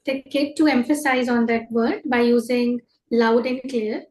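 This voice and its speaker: A woman answering a trainer's question and feeling her way through with many "uh"s. Her voice is high and bounces around an echoey room. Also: fairly even intonation, unhurried, a little mellow. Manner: hesitant, many "uh" fillers. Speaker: teacher in training, participant.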